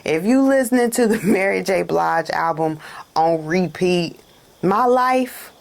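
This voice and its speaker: Gravelly-voiced female card reader, chatty and dramatic, laughs a lot. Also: lowish voice, animated, a little slow. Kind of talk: casual spiritual reading to camera.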